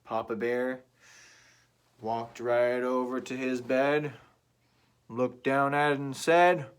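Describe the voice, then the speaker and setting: Male storyteller for children: slow, drawn-out and playful, asks the listener questions. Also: mid-range voice, fairly even intonation, smooth.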